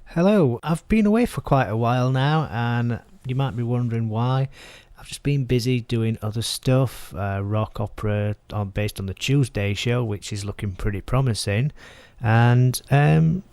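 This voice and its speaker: Gravelly, offhand Northern English man. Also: medium pitch, normal speed, darkish tone, no room sound. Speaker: show regular sending in video clips. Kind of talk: casual video message.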